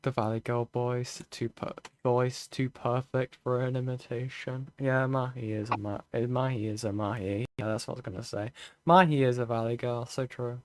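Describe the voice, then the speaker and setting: A man streamer chatting casually, full of "like" fillers and quick quips. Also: mid-range voice, steady tone. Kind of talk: casual reaction chat.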